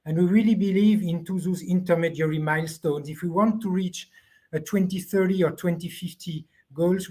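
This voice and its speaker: A man speaking as a panelist on an online discussion, halting and searching for his words over a video call. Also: fairly high pitch, darkish tone.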